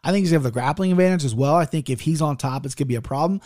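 A man's voice: fairly high pitch, rapid-fire, a little mellow, no room sound, studio quality. A man giving casual fight-betting picks, swearing freely and interrupting himself as he goes. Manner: profane and rambling; restless, self-interrupting.

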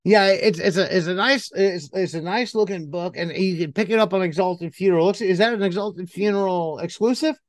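A man's voice: high voice, a little fast, hardly any pauses, no echo. A man hosting an interview podcast, enthusiastic and prone to stammered restarts. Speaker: podcast host. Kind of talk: casual interview chat.

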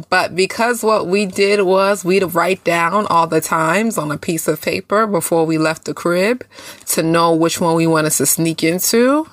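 A woman's voice: on the low side, no room sound. A woman co-hosting a podcast, talking bluntly in casual slang with some cussing and joking. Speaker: podcast co-host. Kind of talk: casual chat.

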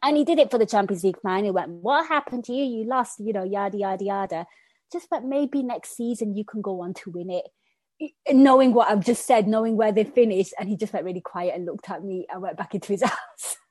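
A woman's voice: medium pitch, fairly quick, dark tone, slightly rough, no room sound. Chatty woman co-host, dry mic. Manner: chatty, storytelling, laughs. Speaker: podcast co-host. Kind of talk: casual football chat.

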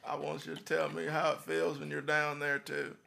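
A man's voice: a little high, completely flat delivery, moderate pace, vocal fry, pushed and bright, full character voice. A man doing a crude impression of a manipulative male ex-president, coaxing and mock-solemn.

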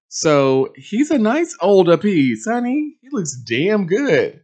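A young adult man hosting a reality TV recap, talking in a sassy, campy, animated way with big swings in pitch. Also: slow, hardly any pauses. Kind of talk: casual recap monologue.

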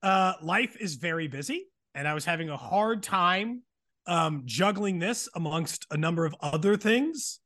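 A man's voice: sits high, animated, a little slow, sharp tone. A man co-hosting a podcast, talking in a casual, self-deprecating way and laughing often. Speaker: podcast co-host. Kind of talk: casual chat.

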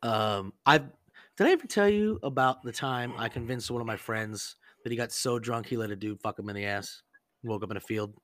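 A man's voice: mid-range voice, fairly quick, a bit bright, no echo, studio quality. A man casually telling a crude prank story on a podcast, rambling and profane, full of "like" and acted-out quotes.

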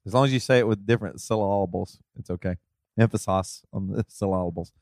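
Reflective podcast co-host thinking aloud. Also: male voice, fairly low pitch, fairly quick, darkish tone, no room sound, clean studio sound. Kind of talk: casual chat.

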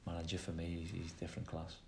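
A man with a Liverpool accent chats easily as an interview guest, wandering through his answers. His voice sits a little low. The room around him is noticeably echoey. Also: monotone, fast talker, vocal fry, mellow, a little hiss or hum. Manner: chatty, rambling answers. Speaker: football manager, guest. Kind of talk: casual interview chat.

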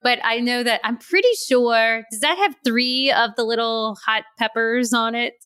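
Bright-voiced lady hosting a podcast, super upbeat, dry close sound. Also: on the high side, normal speed, clear, resonant tone, no room sound. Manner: enthusiastic, promotes a sponsor code. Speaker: podcast host. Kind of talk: casual podcast interview.

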